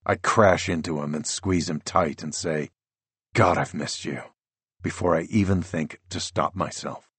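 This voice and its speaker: A man narrating a first-person audiobook in a measured, tense storytelling voice, close on a studio mic. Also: sits low, fairly even intonation, a bit bright, breathy edge, no echo.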